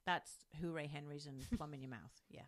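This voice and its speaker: A woman co-hosting a podcast in casual chat, brisk and teasing. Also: deep voice, steady tone, fairly bright tone. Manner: teasing, laughs often, brisk and matter-of-fact. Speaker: co-host.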